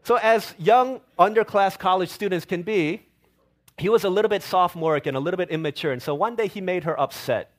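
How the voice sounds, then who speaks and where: A man's voice: high-pitched, brisk. A middle-aged male pastor preaching a sermon, telling stories with playful quoted voices and asides.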